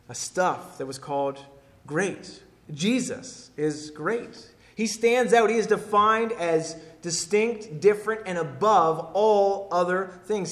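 An emphatic male pastor delivering a sermon, hammering points home by repeating them. His voice sits a touch higher than most men's. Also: fairly bright tone. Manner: emphatic, repeats key phrases.

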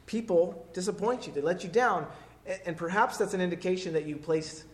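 A man preaching a sermon in an earnest, conversational way, retelling a story with fillers and restarts and dropping soft for quoted pleas. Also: sits high, brisk.

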